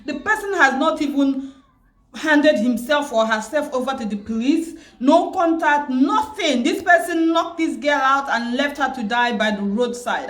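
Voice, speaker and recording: Grieving woman, tearful, very slow speech, echoey room. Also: on the high side. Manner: grieving, repetitive, pausing often. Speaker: vlogger. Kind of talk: emotional personal vlog.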